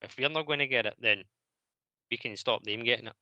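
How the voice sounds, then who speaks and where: A Scottish man hosting a football phone-in, arguing his point in a steady, reasoned way. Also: medium pitch, a little fast, no room sound, highs cut off.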